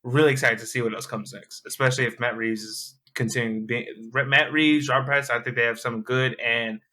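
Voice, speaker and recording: A man guesting on a casual podcast, speaking haltingly with many restarts and fillers. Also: medium pitch, steady tone, sharp tone. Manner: halting, full of restarts and ums.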